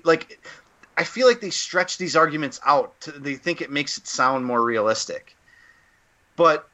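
A man's voice: on the high side, bright, forceful tone, lo-fi sound. A man co-hosting a casual podcast discussion, giving an opinionated, rambling critique full of fillers and restarts. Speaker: podcast co-host.

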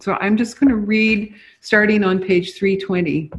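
A lecturer who gives a short introduction and then reads a book passage aloud in a slow, measured, solemn way. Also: medium pitch, fairly even intonation. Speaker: reader and lecturer.

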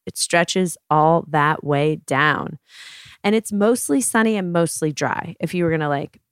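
A woman's voice: lowish voice, clean tone, no echo, clean studio sound. A woman hosting a wine podcast, talking casually in a playful, slangy, jokey way. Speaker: podcast host. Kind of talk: casual chat about wine.

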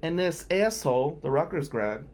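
A man's voice: a little high, animated, normal speed, darkish tone, slight background noise. A middle-aged man hosting a podcast, candidly telling a personal story with blunt, emphatic phrasing. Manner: candid, emphatic, with some swearing. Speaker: podcast host.

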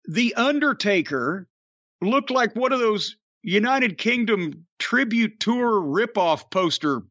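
A man's voice: high voice, pushed and bright, no echo, dull audio. An older man hosting a podcast, telling opinionated, profane stories in casual chat. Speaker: podcast host.

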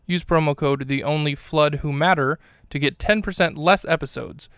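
A man putting on a booming promo announcer. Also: moderate pace, a bit bright, clear, resonant tone, no room sound, studio quality. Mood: grandiose. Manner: booming, overblown trailer delivery. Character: pompous male promo announcer, adult. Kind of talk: parody ad read.

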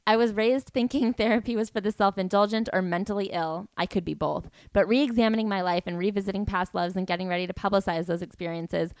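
A woman co-hosting a podcast with a wry, deadpan way of asking questions and reading passages aloud. Her voice is mid-pitched and recorded close and dry, with no room around it. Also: fast, few pauses, clear, resonant tone, no room sound. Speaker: podcast co-host. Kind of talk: casual chat.

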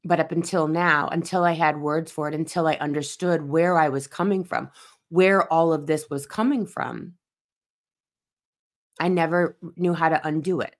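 Woman in her forties, low voice, earnest host sharing her own story, drives points home by repeating them. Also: fairly even intonation, moderate pace. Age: 40s. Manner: earnest, emphatic repetition. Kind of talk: personal reflective monologue.

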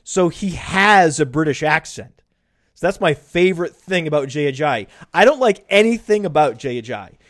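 A man hosting a podcast in casual analytical chat, brisk and stats-heavy with jokes thrown in. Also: fairly high pitch, a bit bright, no room sound, studio quality. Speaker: podcast host.

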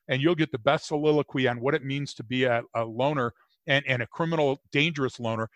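A man co-hosting a casual podcast, talking in an animated, joking way that rambles with frequent restarts. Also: medium pitch, quick pace, no room sound. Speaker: podcast co-host.

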